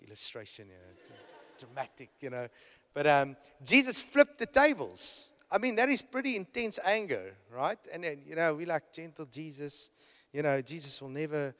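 A man preaching a sermon to a congregation. He talks emphatically, repeats and restarts his phrases, and keeps checking in with his listeners. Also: on the high side. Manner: rhetorical, keeps checking in with "right?". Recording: long hall reverb.

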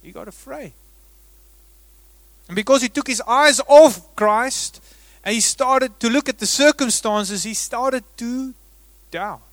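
Man, pastor, high voice, dry close sound, preaching, dramatic loud and soft swings. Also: slow pace, long pauses, dry recording. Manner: dramatic swings between loud emphasis and hushed delivery. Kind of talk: sermon.

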